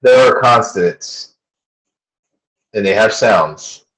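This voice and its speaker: A man with a neutral American accent hosts a laid-back chat, spinning blunt, profanity-laced stories. His voice sits very low, and the recording rings with a roomy echo. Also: takes it slowly, a bit bright. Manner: blunt, swearing storyteller. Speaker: podcast host. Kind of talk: casual chat.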